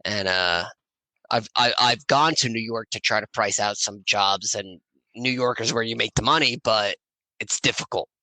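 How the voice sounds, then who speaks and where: A man, chatting casually on a podcast and agreeing quickly with the others. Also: fairly low pitch, bright, forceful tone, no echo, poor audio. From New Jersey. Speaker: podcast co-host, exterminator.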